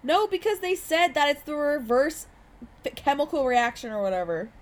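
A young woman co-hosting a casual movie commentary podcast, easygoing, giggly and animated. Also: high voice, normal speed, over a noisy crowd. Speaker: podcast co-host.

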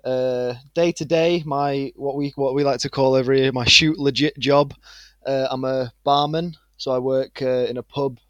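A man in his twenties with a northern English accent, a guest chatting in a relaxed, rambling way with plenty of fillers. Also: medium pitch, moderate pace, no echo, lo-fi sound. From England. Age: 20s. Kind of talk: casual interview chat.

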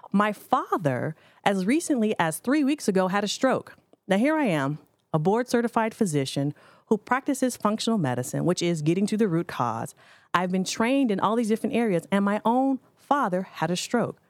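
A woman's voice: lowish voice, a little mellow, no echo, studio quality. A woman in her forties, a physician, telling a personal story to an audience in an earnest, direct way. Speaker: physician speaker.

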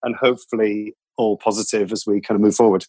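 A man's voice: lowish voice, little pitch movement, quick pace, a little mellow, breathy edge, no room sound. A man, a radio company executive, talking in an earnest, reflective way in an interview, often restarting his sentences. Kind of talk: conversational interview.

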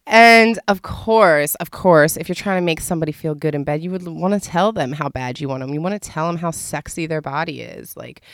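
Frank chatty woman, low smooth voice. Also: fairly quick, hardly any pauses, no echo, studio quality. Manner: frank, chatty, laughing, many fillers. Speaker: host. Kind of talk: casual candid advice monologue.

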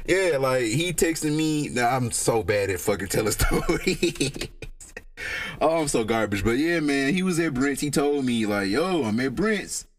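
A young man, talking casually to camera in a rambling, slangy, profane way, his pitch jumping up and down. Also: expressive, a little slow. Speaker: solo vlogger. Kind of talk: casual monologue.

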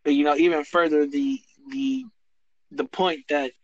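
A man's voice: a little high, very animated, unhurried, creaky, no echo, highs cut off. A man guesting on a podcast over a remote link, chatting casually in an agreeable, supportive way. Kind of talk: casual chat. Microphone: remote recording.

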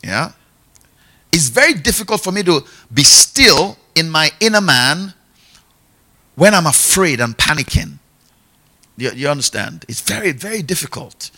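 A man's voice: fairly high pitch, very animated, measured pace, long pauses, pushed and bright, breathy edge. A middle-aged man preaching a sermon in a conversational teaching style, repeating key phrases and checking in with his listeners. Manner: conversational, checks in often with "yeah?" and "okay?".

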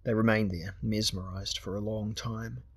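A man narrating a fantasy audiobook in a steady, measured way. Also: fairly low pitch, breathy edge, no room sound.

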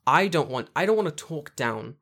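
A man's voice: a little high, sing-song, normal speed, a bit bright. A man co-hosting a casual podcast, talking emphatically and swearing freely as he makes his point. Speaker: podcast co-host.

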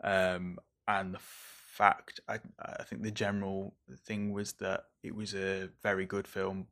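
A young English man chats through a solo podcast on his own. His voice sits a touch low for a man. He rambles in a jumpy, over-caffeinated way and swears casually. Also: monotone, takes it slowly, a bit bright. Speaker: podcast host reviewing films.

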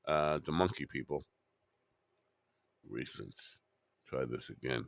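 A man's voice: a bass voice, slow, gravelly, no echo. A man hosting a podcast alone, rambling and muttering to himself with wry asides. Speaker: podcast host.

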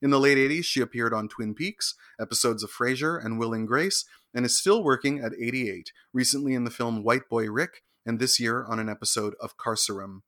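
A male co-host with a bright, forceful voice reads out birthday bios in a crisp, brisk delivery. His occasional wry asides keep it light. The sound is dry and close, as from a studio. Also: mid-range voice, dry recording. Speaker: co-host reading celebrity birthdays. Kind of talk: scripted entertainment segment with banter.

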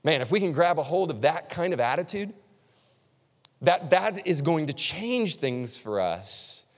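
A man's voice: a little high, sing-song, a little slow. A male pastor preaching a sermon in a conversational, emphatic way, repeating key lines for stress. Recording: long reverb of a large hall.

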